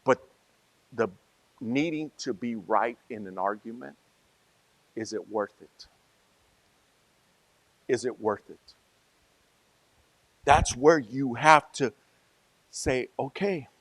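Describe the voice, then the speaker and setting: A male pastor preaching a sermon in a conversational way, moving from soft asides to loud, emphatic peaks. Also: medium pitch, takes it slowly, pauses often, no room sound.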